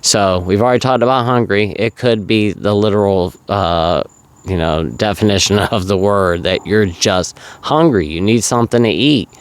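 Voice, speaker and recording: A man's voice: lowish voice, normal speed, clear, resonant tone. A man giving casual, earnest advice as a vlogger, rambling and full of fillers. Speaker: vlogger sharing recovery advice.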